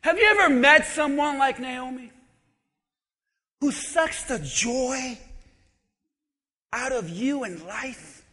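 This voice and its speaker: A male pastor delivers an animated, humorous sermon, swinging from shouts to quiet talk. His voice is very high and bright, his delivery unhurried. The long reverb of a large hall carries every word.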